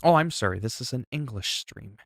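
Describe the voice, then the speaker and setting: A man's voice: medium pitch, lively intonation, fairly quick, no room sound, clean studio sound. A man chatting casually on a livestream, reacting to chat messages and exclaiming as he talks.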